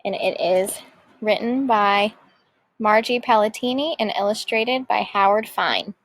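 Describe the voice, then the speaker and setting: A woman teacher reading a picture book aloud with lively expression. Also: medium pitch, unhurried, rough recording.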